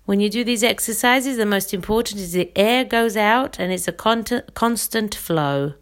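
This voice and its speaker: A woman singing teacher leading a guided breathing exercise, giving calm step-by-step instructions and demonstrating each sound. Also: medium pitch, moderate pace.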